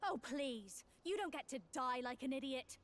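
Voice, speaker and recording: A blunt young warrior woman from a fantasy game, giving firm orders in a high, clear voice. She sounds commanding and impatient. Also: lively intonation, normal speed.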